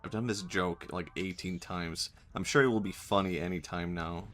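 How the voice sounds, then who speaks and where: A man's voice: low voice, fairly even intonation, moderate pace, fairly bright tone. A man streaming a video game, joking and laughing often with wry asides as he plays. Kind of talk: casual gaming commentary.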